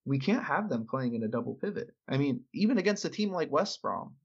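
A man's voice: a little high, sing-song, fairly quick, breathy edge, highs cut off. A man co-hosting a casual sports talk show, rambling, with many restarts and hedges. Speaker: podcast co-host.

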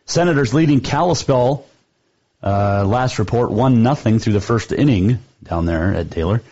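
Male sports talk host, rambling casual monologue, slightly low and husky, dull lo-fi sound. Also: animated, moderate pace, warm tone. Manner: chatty, rambling, fond of trivia.

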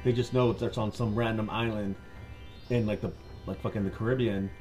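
A man's voice: fairly low pitch, steady tone, a little fast, darkish tone, faint music behind. A man co-hosting a casual podcast, telling stories with lots of swearing, laughs and silly put-on voices. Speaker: podcast co-host. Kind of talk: casual chat.

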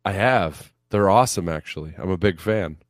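A man's voice: low voice, moderate pace, dry recording, studio quality. A man co-hosting a casual sports chat, joking and rambling with some profanity. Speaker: podcast co-host.

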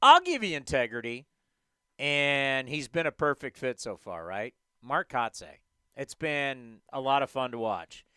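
Male sports radio host, emphatic rants, bright clear voice, dry studio sound. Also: medium pitch, measured pace, no echo. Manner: animated, emphatic ranting.

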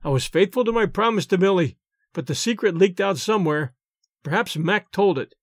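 A man narrating a short story audiobook in an expressive, animated way. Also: high-pitched, brisk, no echo, clean studio sound.

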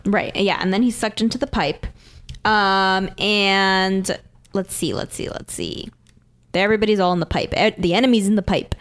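A woman's voice: mid-range voice, fairly even intonation, normal speed. A chatty woman co-hosting a podcast, recapping an episode at an easy pace. She rambles and fills her talk with ums and likes. Now and then she slips into the characters' lines. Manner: rambling, lots of fillers, acts out characters' lines. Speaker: podcast co-host. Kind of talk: casual chat recapping an anime episode.

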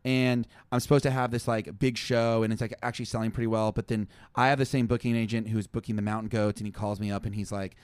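A young man telling a long, rambling story in casual chat, animated and full of fillers. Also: lowish voice, quick pace, few pauses, clear, resonant tone, no room sound. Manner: animated, rambling, heavy use of "like". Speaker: touring musician, guest.

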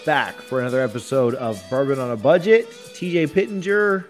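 A man's voice: mid-range voice, a little fast, faint music behind. A man hosting a casual bourbon-chat podcast, joking, rambling and laughing with his co-hosts. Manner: jokey, rambling, laughs often. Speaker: podcast host.

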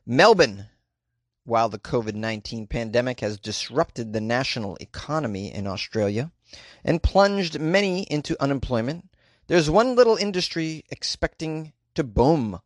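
A man's voice: medium pitch, big pitch swings, normal speed, no echo. A man reading news stories aloud and cracking sarcastic jokes about them. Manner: sarcastic, wisecracking, laughs at own jokes. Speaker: comedic news commentator. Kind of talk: reading news with joking commentary.

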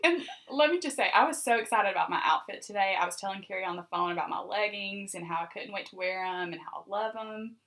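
A woman co-hosts a relaxed podcast with her sister. She tells stories in an animated way and breaks into laughter often. Her voice sits in an ordinary middle pitch. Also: fast, few pauses. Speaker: podcast co-host. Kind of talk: casual chat.

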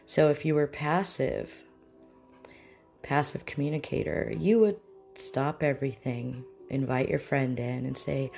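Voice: mid-range voice, fairly even intonation, unhurried, creaky, darkish tone, faint music behind. A parent teaching a casual spoken lesson on communication styles, easily acting out little example dialogues. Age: adult with children. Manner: conversational, acts out example dialogues. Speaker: mindfulness teacher.

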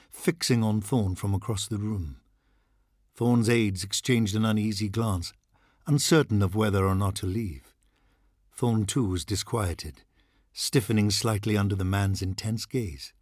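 A man narrating a horror novel as an audiobook, measured and somber. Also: lowish voice, breathy edge, no room sound, studio quality.

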